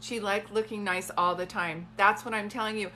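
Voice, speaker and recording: Bright-voiced woman giving a live reading. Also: mid-range voice, fairly even intonation, moderate pace, a little hiss or hum. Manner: chatty, warm-toned, rambling asides. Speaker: psychic medium.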